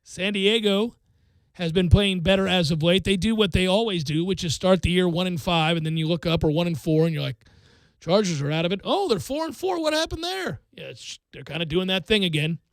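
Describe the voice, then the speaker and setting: A man hosting a sports radio show, giving betting picks in a joking, animated way. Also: high voice, fairly quick, no echo. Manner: animated, jokey, breaks into mock singing.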